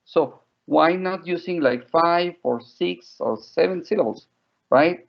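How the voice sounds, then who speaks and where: Gravelly man lecturing over dull lo-fi audio. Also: a little high, slow. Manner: chatty, checks in with "right?" often. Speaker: teacher trainer. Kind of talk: online workshop lecture.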